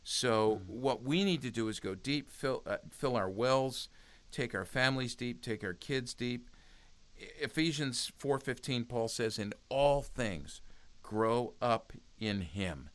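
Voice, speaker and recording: A man's voice: medium pitch, slow pace, no room sound. A man speaking as a guest in a conversational interview, earnest and exhortative, often restarting his sentences. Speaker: podcast guest, youth ministry speaker.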